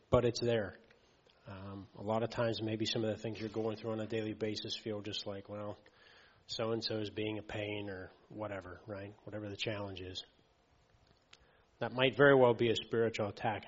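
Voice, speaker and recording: A man preaching a sermon in an easygoing, conversational way, often checking in with "okay" and "right". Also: fairly low pitch. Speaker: lay preacher. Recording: muffled audio with long hall reverb.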